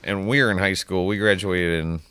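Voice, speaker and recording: A man in his thirties chatting casually, telling animated stories and laughing often. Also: low voice, a little fast, clean tone, no echo. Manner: animated storyteller, laughs often, slips into impressions. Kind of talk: casual chat.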